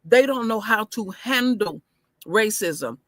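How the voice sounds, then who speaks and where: A woman co-hosting a casual opinion talk, telling stories forcefully and cutting in often. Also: mid-range voice, animated, takes it slowly, no room sound. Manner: forceful storytelling, interjects often. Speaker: co-host.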